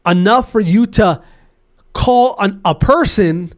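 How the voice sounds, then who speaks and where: A man's voice: high voice, takes it slowly. A man hosting his own podcast, ranting in a loose, repetitive way with many restarts. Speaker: podcast host. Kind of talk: solo podcast rant.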